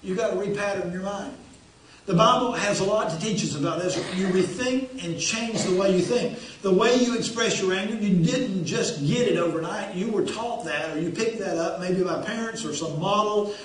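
A man preaching a sermon as pastor, folksy and repeating phrases for emphasis. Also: sits high. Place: church sanctuary. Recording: very echoey church hall, distant.

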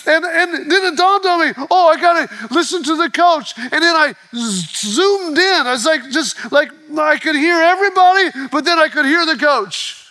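A male pastor preaching a sermon, telling stories in an animated way with quick restarts. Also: very high voice.

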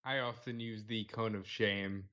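A man's voice: fairly low pitch, fairly even intonation, a little slow, fairly bright tone. A man co-hosting a casual podcast roundtable, joking and blunt, swearing freely. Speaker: podcast co-host. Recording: slightly muffled lo-fi podcast audio.

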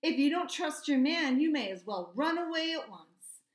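A woman reading aloud plays a confident male troop horse in a storybook, a proud veteran who lectures earnestly. His voice sits on the high side, in a roomy space with a noticeable echo. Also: lively intonation, normal speed. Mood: matter-of-fact.

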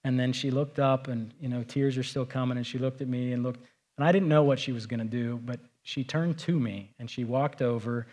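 A man's voice: mid-range voice, fairly even intonation, brisk, darkish tone. A middle-aged man preaching a sermon as pastor, talking in a conversational storytelling way that rises to emphatic points.

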